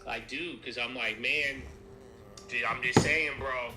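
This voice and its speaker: A man's voice: mid-range voice, steady tone, slow, bright, forceful tone, soft background music. A man talking casually and rambling, swearing freely and acting out imagined conversations. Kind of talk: casual chat. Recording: echoey room with noise.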